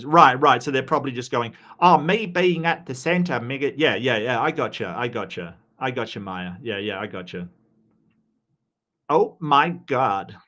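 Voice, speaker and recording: A man's voice: medium pitch, bright, forceful tone. Rambling male commentator. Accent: non-American. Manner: rambling, restarts often, stammers on "I". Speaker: commentator reacting to clips. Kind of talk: casual commentary.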